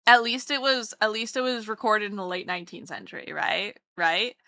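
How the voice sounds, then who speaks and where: Bright, chatty woman streamer. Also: medium pitch, normal speed, no echo, clean studio sound. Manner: chatty, rambling and playful, greets chat warmly. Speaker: streamer and artist. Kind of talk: casual livestream chat while drawing.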